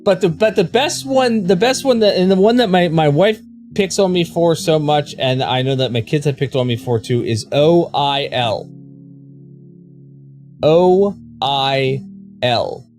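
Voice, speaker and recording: A man's voice: high voice, expressive, normal speed, darkish tone, faint music behind. A man with a Baltimore accent chatting casually with viewers on a live game stream, rambling and repeating words as he restarts his thoughts. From Baltimore, USA.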